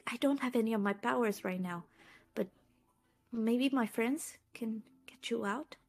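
A woman's voice: fairly high pitch, a little slow, pitched above the performer's own voice. A woman voicing an earnest hero, speaking with urgent feeling to an old friend. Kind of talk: playing a tabletop game.

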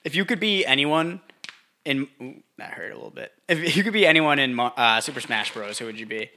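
Young male podcast co-host, sharp bright tone, deadpan self-mocking humor. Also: mid-range voice, brisk, vocal fry, a little hiss or hum. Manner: deadpan, self-deprecating jokes. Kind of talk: casual crude banter.

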